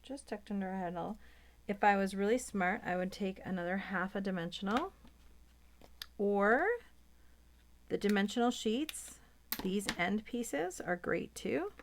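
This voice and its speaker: Gravelly-voiced woman chatting through a craft demo. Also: mid-range voice, measured pace, pauses often, a little hiss or hum. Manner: chatty, thinks aloud while working, drops to a near whisper. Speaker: papercraft demonstrator. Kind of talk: chatty hands-on craft tutorial.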